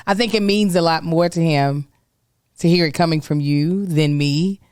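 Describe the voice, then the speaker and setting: A woman hosting a casual chat, a parent telling lively anecdotes. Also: low-pitched, normal speed, clear, resonant tone, no room sound, clean studio sound. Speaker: parent and vlog host.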